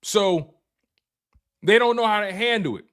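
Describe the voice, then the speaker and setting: High-voiced man hosting a sports show. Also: measured pace. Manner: animated, repetitive, playful trash talk to chat. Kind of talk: casual live-stream sports talk.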